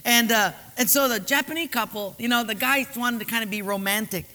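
A man preaching a sermon as a humorous, animated storyteller. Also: very high-pitched, a little fast, long reverb tail. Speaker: pastor.

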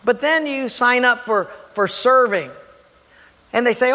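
A pastor with a high, bright tone preaches to his congregation. He is animated and jokey, slipping into quick impressions and whoops. His voice rings with the long reverb of a large church hall. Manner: animated, acts out little voices and exclamations. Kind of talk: sermon. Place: church sanctuary.

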